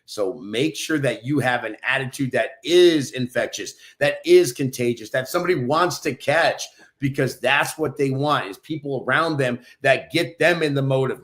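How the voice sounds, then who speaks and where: A man's voice: medium pitch, moderate pace, a bit bright. Guy from new mexico hyping you up on a podcast, upbeat pep talk vibe, mid voice. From New Mexico, USA. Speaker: podcast co-host. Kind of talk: motivational casual talk.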